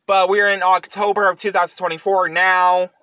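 A man giving a casual product review, rambling and halting with frequent fillers. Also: high-pitched, flat delivery, sharp tone, no room sound.

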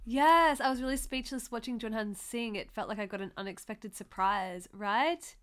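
A woman hosting a reaction video, talking in a casual, gushing way with loud excited exclamations. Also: fairly high pitch, moderate pace, smooth.

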